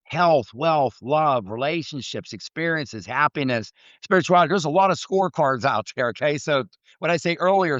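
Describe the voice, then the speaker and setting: A man's voice: mid-range voice, fairly bright tone, smooth, dry recording, highs cut off. A man hosting a mindset coaching podcast, telling stories in an earnest, preachy motivational talk.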